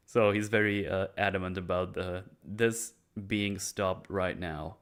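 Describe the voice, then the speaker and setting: Low-voiced guy, casual co-host recapping an episode, acts out quotes, stumbles through restarts. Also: measured pace, few pauses, smooth. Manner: animated plot retelling, acting out quotes; fillers and restarts. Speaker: podcast co-host. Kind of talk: casual chat.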